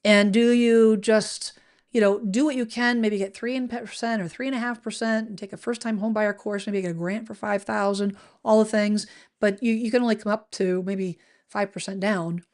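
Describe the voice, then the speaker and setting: Middle-aged woman, real estate agent, casual vlog explainer, chatty, animated, restarts sentences. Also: medium pitch, moderate pace. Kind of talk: casual explanatory talk to camera.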